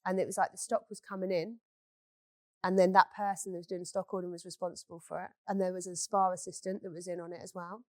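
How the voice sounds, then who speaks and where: A woman's voice: on the low side, flat delivery, fast talker, a little mellow, dry recording. Blunt, swearing woman. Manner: blunt, swears freely, storytelling. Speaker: beauty business owner. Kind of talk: candid casual chat.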